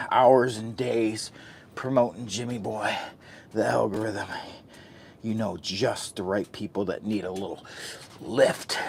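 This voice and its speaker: A man's voice: medium pitch, a little mellow. A man chatting casually to the camera while camping in a hot tent, goofy and loopy, joking about himself in the third person. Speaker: camping vlogger. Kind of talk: casual vlog chat to camera.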